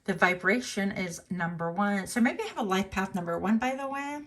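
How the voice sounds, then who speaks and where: A woman giving a casual tarot reading, chatty and musing aloud with fillers and self-corrections, now and then jumping into a high voice to quote people. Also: lively intonation, brisk, a bit bright. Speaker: tarot reader.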